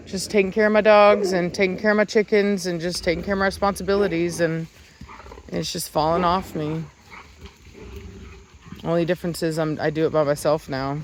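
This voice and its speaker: A woman vlogging casually in a rural yard, chatting to the camera and breaking off to shout sharp commands at her dogs. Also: fairly low pitch, steady tone, moderate pace, a little hiss or hum. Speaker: dog breeder and vlogger. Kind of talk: casual vlog narration.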